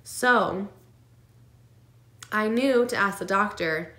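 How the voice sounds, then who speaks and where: Woman vlogger telling a scary personal story, earnest and emotional, lots of ums and little laughs, mid pitch, echoey room. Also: slow, pushed and bright. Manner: emotional, earnest, many fillers and nervous laughs. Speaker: vlogger sharing her twin pregnancy.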